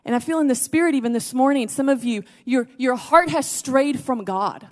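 A woman's voice: high-pitched, moderate pace, in a large hall. A woman pastor preaching a sermon to a congregation, dropping to near-whispers and then rising to fervent exhortation. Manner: swings from hushed near-whispers to emphatic raised exhortation. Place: church service before a congregation.

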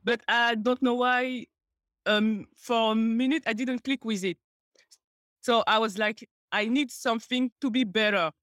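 A woman's voice: on the high side, unhurried, dry recording. Playful French-accented woman guest. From France. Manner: playful, laughing, animated storyteller. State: a little nervous. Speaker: podcast guest.

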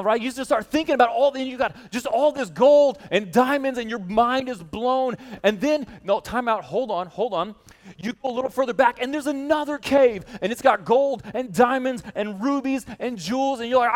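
A man preaching a sermon to a congregation, telling a story with lively energy and addressing his listeners directly. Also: extremely high pitch, normal speed, in a large hall. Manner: animated storytelling, speaking straight to the congregation. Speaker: pastor. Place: church hall.

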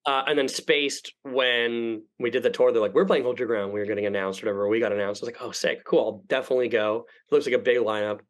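A fast-talking young man with a mid-range voice barely pauses as he rambles through a long, profane story on a podcast. As a guest telling it casually, he acts out people's words with animated quoting, and the recording is rough.

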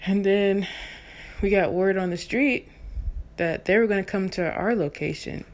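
A woman in her thirties from Texas, a soprano singer, telling a personal story in an animated, chatty way with lots of fillers. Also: medium pitch, unhurried. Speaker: vlogger. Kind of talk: casual storytelling.

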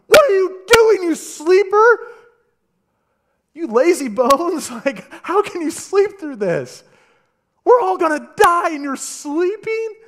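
Man doing a panicked sea captain, shrill and shouting, sermon retelling. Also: sing-song, takes it slowly, exaggerated voice. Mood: frantic. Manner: shouting, incredulous. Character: frantic ship captain, man, yelling at a sleeper. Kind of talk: sermon storytelling.

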